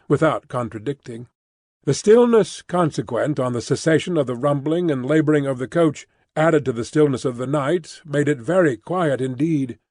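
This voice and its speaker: A man narrating a classic novel in an expressive storytelling reading. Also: fairly high pitch, no echo. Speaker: audiobook narrator. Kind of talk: scripted narration. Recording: dry close studio recording.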